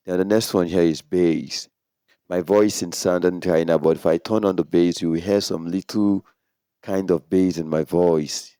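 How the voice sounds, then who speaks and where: Speaking at a moderate pace in a low, clean voice, a man walks viewers through equipment in a laid-back how-to video, peppering his steps with "so." He's using a condenser mic through a sound card, and the studio-quality audio has no echo.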